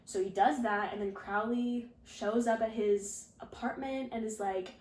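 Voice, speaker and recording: A woman's voice: on the high side, steady tone, a little slow, a little mellow, roomy sound. A woman casually recapping a story, rambling with lots of "like" and sarcastic asides. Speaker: video essayist recapping a fanfiction.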